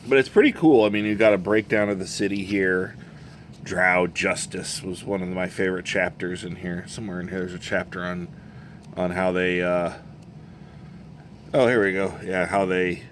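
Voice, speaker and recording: A man's voice: low voice, a little hiss or hum. A man who runs tabletop games, chatting casually and rambling about an old box set, correcting himself as he goes. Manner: rambling, self-correcting, chuckling storyteller. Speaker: game master reviewing a box set. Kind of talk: casual show-and-tell chat.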